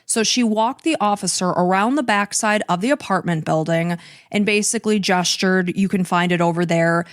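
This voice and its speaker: A woman's voice: medium pitch, normal speed, dry recording, clean studio sound. A woman hosting a true crime podcast, earnestly recounting events step by step. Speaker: podcast host.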